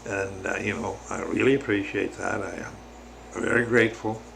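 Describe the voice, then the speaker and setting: A man giving a slow, halting, casual spiritual reflection to his viewers, with many pauses and restarts. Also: low voice, fairly even intonation, creaky, fairly bright tone, a little hiss or hum. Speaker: religious vlogger.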